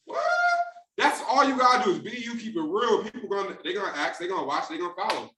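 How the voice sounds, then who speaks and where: A high-pitched man with a bright, forceful voice gives a motivational sales training on a group call. He talks in street slang and breaks into acted-out conversations in different voices. He sits a little back from the mic in a roomy, echoing space. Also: fast talker, recorded from a distance.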